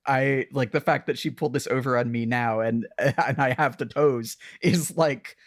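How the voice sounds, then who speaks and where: A woman co-hosting a podcast, recapping a TV episode in casual chat, animated, laughing often and swearing between many fillers. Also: rumbling low, normal speed, hardly any pauses, no room sound, clean studio sound. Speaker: podcast co-host.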